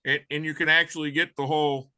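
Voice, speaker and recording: Bright, practical man explaining parts. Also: on the high side, little pitch movement, quick pace. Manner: practical, matter-of-fact explainer. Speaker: meeting participant. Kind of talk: casual technical explanation.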